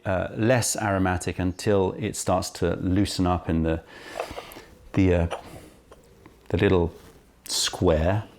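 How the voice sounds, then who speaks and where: A tea shop owner presents a casual tea-tasting vlog, highly caffeinated and chatty, constantly interrupting himself with asides. He's filmed on a camera right in front of his face.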